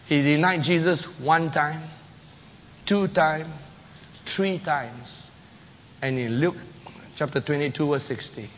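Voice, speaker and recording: A man preaching a sermon, telling scripture stories with lively, acted-out quotes. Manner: animated storytelling, acting out quotes with rising pitch and loudness. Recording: dull lo-fi recording with long hall reverb and faint noise.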